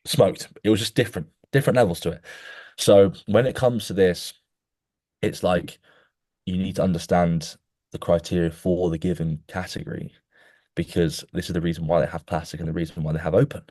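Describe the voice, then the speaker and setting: Young podcast host, low-pitched, animated rambling storyteller, dry close sound. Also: male voice, brisk, no echo. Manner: animated storyteller, many restarts, keeps saying "mate". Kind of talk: casual chat.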